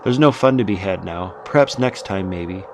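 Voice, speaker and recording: A man voicing a sultry, flirtatious woman in a horror game, with a soft, silky voice and a slight put-on Southern drawl. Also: medium pitch, vocal fry, close to an everyday voice. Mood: brisk. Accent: light put-on Southern drawl. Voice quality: soft, silky, drawn-out "darling". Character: sultry, teasing woman, flirtatious then businesslike. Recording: noisy background.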